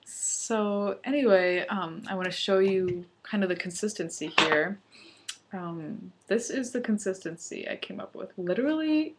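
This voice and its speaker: A woman's voice: mid-range voice, a little slow, heavy background noise. A young woman chatting casually through a home recipe vlog, laughing often and sometimes talking with her mouth full. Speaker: vlogger.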